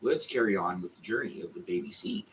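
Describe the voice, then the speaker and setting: A man with a Canadian accent hosting a casual growing class, talking slowly and meandering with lots of fillers. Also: low-pitched, big pitch swings, slight background noise, poor audio. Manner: slow, meandering, with frequent fillers. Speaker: channel host teaching a growing class. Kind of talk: casual instructional talk.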